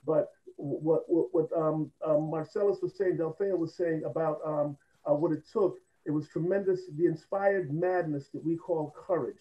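Passionate male panelist, fairly high voice, dull lo-fi audio. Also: steady tone, normal speed, hardly any pauses. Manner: impassioned storytelling. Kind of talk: panel discussion.

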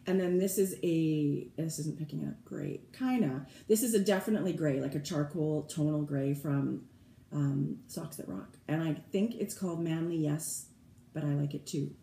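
Middle-aged woman, podcast co-host, low mellow voice, chatty and gushing, echoey room. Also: normal speed, creaky, slight background noise. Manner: chatty, gushing, trails off mid-sentence. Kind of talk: casual chat. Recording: roomy room echo.

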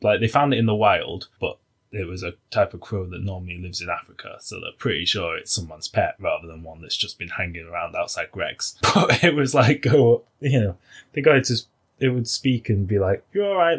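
Husky low-voiced man chatting casually. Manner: laughs often, trails off with fillers. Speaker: podcast co-host. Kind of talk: casual comedic chat.

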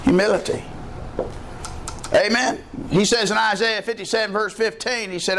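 A man preaching a sermon as pastor, telling folksy stories and climbing into excited high bursts. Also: normal speed, pauses often, background noise. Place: church.

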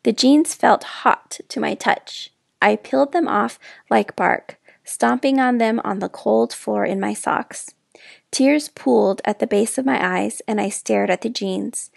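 A woman reading a children's novel aloud in expressive first person, with dramatic hushed moments, close to the mic. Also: a little high, unhurried, creaky, no echo. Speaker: storyteller. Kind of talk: children's book read-aloud.

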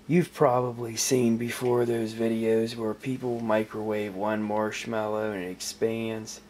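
A man's voice: on the low side, level tone, a little slow, a little mellow. A man hosts a homemade kitchen science show in a playful, self-mocking tone, taking his time between sentences. There is a faint hum of room noise behind him. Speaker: host of a microwave experiment show. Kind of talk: casual kitchen experiment vlog.

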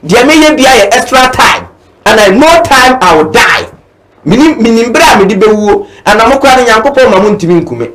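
A man's voice: extremely high pitch, lively intonation, a little fast, fairly bright tone, low-quality recording. A Ghanaian man giving a fervent political talk, mixing Twi and English and repeating his points. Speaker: political commentator.

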